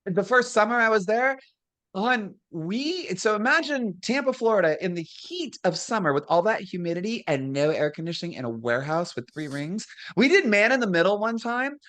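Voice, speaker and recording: Hoarse woman telling animated stories. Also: medium pitch, moderate pace. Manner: animated, acts out quoted people. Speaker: guest, former wrestler. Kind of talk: casual storytelling.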